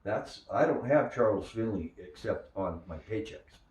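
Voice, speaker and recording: An older man recalling his days as a minor league pitcher, telling stories and acting out the voices of others. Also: measured pace. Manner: animated storyteller who acts out quoted voices. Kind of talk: storytelling interview. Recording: echoey room, distant mic.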